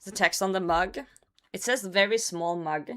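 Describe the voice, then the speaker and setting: Hoarse woman streamer chatting casually. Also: mid-range voice, moderate pace, a bit bright. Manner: loose and chatty, swears, reads chat aloud and laughs. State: voice worn out from a cold. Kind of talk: casual livestream chat.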